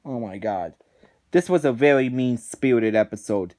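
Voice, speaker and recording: A man's voice: medium pitch, lively intonation, normal speed, a little mellow. A man reviewing cartoon episodes in a ranting commentary, indignant and exasperated, often restarting his sentences.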